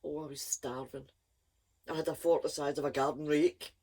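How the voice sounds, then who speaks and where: Expressive woman reading a kids' book. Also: low voice, normal speed, breathy edge. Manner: lively, expressive first-person storytelling. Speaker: storyteller. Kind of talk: reading a children's book aloud.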